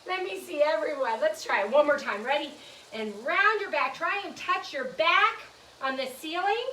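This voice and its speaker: A woman teaching a yoga class to young children, gentle and playful, coaxing them through poses. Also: sits high, expressive, moderate pace, slight background noise. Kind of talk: guided kids' yoga lesson. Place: room in a nursery school. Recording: echoey room, mic at a distance.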